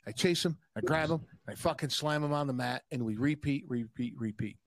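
Man, young adult, podcast guest, animated profane storyteller, dry close mic. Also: mid-range voice, brisk, no room sound. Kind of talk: casual podcast chat.

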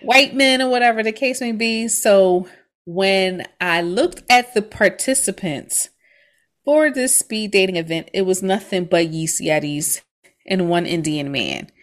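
A woman's voice: mid-range voice, lively intonation, measured pace. A woman in her thirties, a podcast co-host, telling a story in casual chat and laughing often.

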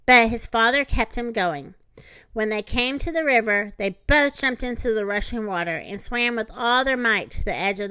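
A woman reading a children's storybook aloud, gentle and expressive. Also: a little high, smooth, no room sound. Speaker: narrator.

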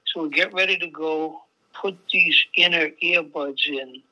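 An older man with a bright, cutting, slightly high voice. He tells salty, rambling anecdotes in a casual interview and slips into the voices of the people in them. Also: unhurried, low-quality recording. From Boston area. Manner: swearing, acts out voices in anecdotes. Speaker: jazz saxophonist guest.

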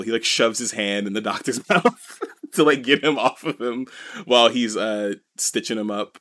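A man's voice: medium pitch, normal speed, fairly bright tone. A man co-hosting a podcast, recapping a comic in casual chat, rambling and full of "you know" and "like". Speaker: podcast co-host.

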